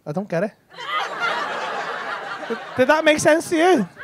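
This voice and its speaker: Sweary comedian doing crowd work. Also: male voice, extremely high pitch, very animated, unhurried, background noise. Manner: cheeky, sweary banter with audience members. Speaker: stand-up comedian. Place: comedy club stage. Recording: live club with audience laughter.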